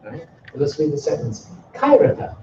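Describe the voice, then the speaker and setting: A man's voice: mid-range voice, animated, normal speed, warm tone, a little hiss or hum. A man teaching a beginners' Greek class, drilling words for students to repeat and stretching words out to show stress. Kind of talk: classroom lecture. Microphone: far from the mic. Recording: distant, roomy, dull classroom recording.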